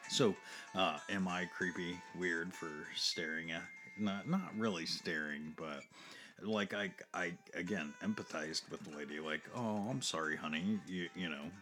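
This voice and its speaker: A man's voice: deep voice, steady tone, a little slow, over music. A man co-hosting a casual podcast from a home basement studio. He rambles, laughs often and repeats himself. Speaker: podcast co-host.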